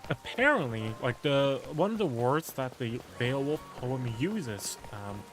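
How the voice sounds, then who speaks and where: A man talks casually as he streams a game, wandering from thought to thought and padding his sentences with filler words. His voice sits in an ordinary middle pitch. Music plays clearly behind him. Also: lively intonation, unhurried. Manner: rambling, heavy on filler words, musing aloud. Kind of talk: casual rambling chat during a game stream.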